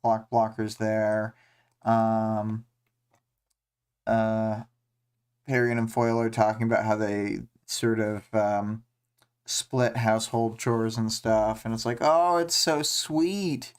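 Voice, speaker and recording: Man, livestream host, casual recap, filler-heavy, slow, clear smooth tone. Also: lowish voice. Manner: relaxed, many ums and uhs, voices characters' lines in quotes. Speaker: podcast host. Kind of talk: casual chapter discussion livestream.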